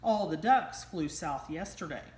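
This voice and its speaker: A woman's voice: low voice, lively intonation, measured pace, a little mellow. A woman voicing a chirpy hen in a storybook read-aloud, with a clucking, sing-song manner. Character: chirpy busy hen pecking at corn. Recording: roomy echo.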